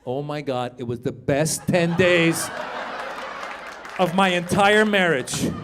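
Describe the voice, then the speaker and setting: A man in his fifties performing a stand-up comedy set on a club stage, chatting with the crowd and jumping into loud put-on voices. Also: fairly high pitch, expressive, takes it slowly, background noise. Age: 50s.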